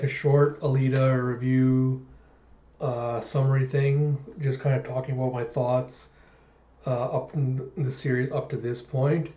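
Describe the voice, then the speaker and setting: A man's voice: mid-range voice, warm tone. A man hosting a manga read-through channel, chatting casually and rambling with many fillers. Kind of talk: casual chat to camera. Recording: dull, echoey home recording.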